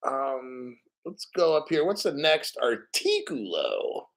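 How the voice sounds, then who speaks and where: A man's voice: fairly high pitch, big pitch swings, moderate pace. A man hosting a casual livestream, reading financial news and chat comments aloud and giving blunt, profane opinions.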